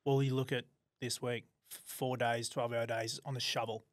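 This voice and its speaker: A man with an Australian accent in casual podcast chat, blokey and agreeable, quick to back up his partner. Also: mid-range voice, flat delivery, no echo, studio quality. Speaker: podcast co-host.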